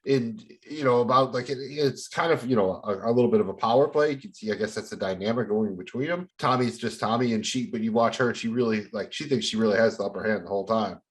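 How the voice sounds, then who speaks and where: A man with a somewhat low voice who co-hosts a podcast. He talks in casual chat, stringing long explanations together with plenty of "you know" and "like.". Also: quick pace, hardly any pauses. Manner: explains in long run-on sentences with many fillers. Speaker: podcast co-host.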